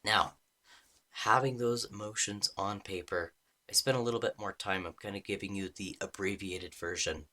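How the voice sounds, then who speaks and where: A man's voice: on the low side, normal speed, bright, forceful tone. A man working as a relationship coach, telling a personal story and reading out a letter he wrote to himself, in an earnest way. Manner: earnest, reads his own letter aloud with feeling.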